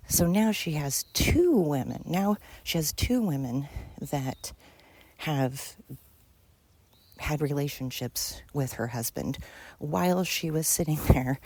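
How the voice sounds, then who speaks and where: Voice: mid-range voice, darkish tone, dry recording. A podcast host telling a friend's story in a casual monologue, emphatic and repetitive, swearing freely.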